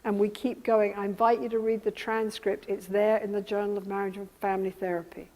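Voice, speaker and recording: A woman teaching therapists, speaking calmly and slowing down and softening her voice as she demonstrates soothing a client. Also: medium pitch. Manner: calm, slows down and softens when demonstrating soothing. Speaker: therapy trainer. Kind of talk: teaching lecture with role-played therapy examples. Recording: lecture hall with long reverb.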